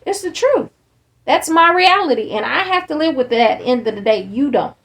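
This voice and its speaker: A woman's voice: high-pitched, brisk. A woman, hosting a candid casual chat, talking bluntly and acting out the people she quotes. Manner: blunt, animated, acts out quoted dialogue. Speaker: podcast host and parent.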